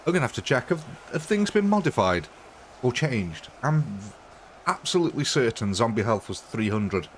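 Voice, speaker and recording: A man's voice: medium pitch, big pitch swings, moderate pace, a little hiss or hum. Chatty British man streaming a game. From Britain. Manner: chatty, self-mocking, laughs often. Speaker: gaming streamer. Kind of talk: casual live-stream commentary.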